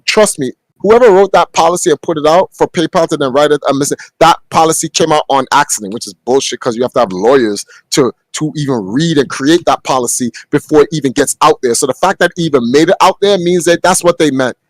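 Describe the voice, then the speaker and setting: A man's voice: on the high side, fast, few pauses, dry recording, rough recording. A young man hosting a podcast, talking bluntly and profanely in a casual rant that keeps climbing into heated outbursts. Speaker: podcast host. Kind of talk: casual ranting monologue. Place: home room.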